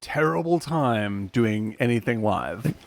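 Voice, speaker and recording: A man co-hosting a casual film podcast, retelling scenes with lively acted-out voices and frequent laughter. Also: mid-range voice, unhurried. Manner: animated, acts out film scenes in put-on voices, laughs often. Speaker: podcast co-host.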